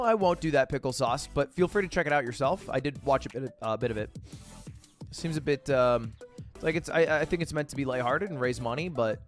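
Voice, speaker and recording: A young man hosting a livestream, chatting casually with viewers, animated, jokey and swearing freely. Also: on the high side. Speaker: livestream host.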